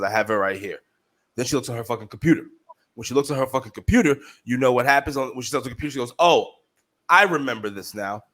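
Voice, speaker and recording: A man co-hosting a podcast, telling a story in casual chat, profane and heated, animated as he goes. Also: medium pitch. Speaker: podcast co-host.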